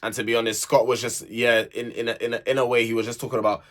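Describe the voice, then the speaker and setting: A man's voice: mid-range voice, flat delivery, fast, fairly bright tone. Young guy, casual TV recap host, blunt, sighs and scolds with rhetorical questions. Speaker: reality TV reviewer.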